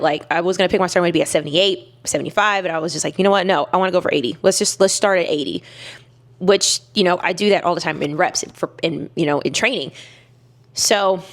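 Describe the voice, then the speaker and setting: A young woman telling a personal story to camera in a candid, emphatic way, with many fillers and restarts. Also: fairly low pitch. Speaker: weightlifter vlogger.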